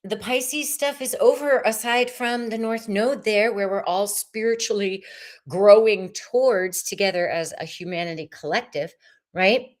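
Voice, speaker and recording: A woman hosts a live tarot stream in a loose, effusive way. She chats with her viewers between cards and greets them by name. Her voice sits at an ordinary middle pitch. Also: a little slow.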